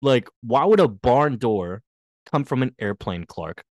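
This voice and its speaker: A man's voice: mid-range voice, a little slow, dry recording, studio quality. Casual man recapping, voicing characters. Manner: animated retelling, acts out characters' lines. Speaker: podcast co-host recapping a TV episode. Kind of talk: casual chat.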